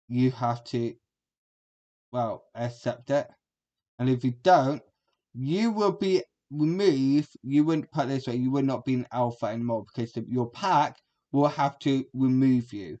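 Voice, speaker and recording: A man's voice: mid-range voice, dark tone, muffled recording. A man, giving a rambling, crude and combative reaction commentary as a streamer.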